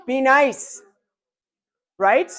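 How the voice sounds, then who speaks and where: A man giving a live motivational keynote, energetic and interactive, calling out to a big audience in a large hall. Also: very high voice, drawn-out words. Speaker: keynote speaker.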